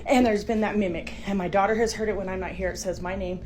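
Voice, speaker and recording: A middle-aged woman filming in her house on a phone, talking fast and frightened, often dropping to a whisper. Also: mid-range voice, steady tone, background noise. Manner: panicky, breathless, often whispering. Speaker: homeowner filming at home. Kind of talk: frightened phone video narration. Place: inside a house. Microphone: phone camera.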